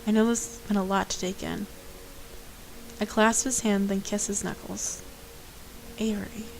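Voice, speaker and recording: Brief: playful woman streamer, mid pitch, reads a visual novel aloud with jokey asides. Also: little pitch movement, moderate pace, creaky, slight background noise, rough recording.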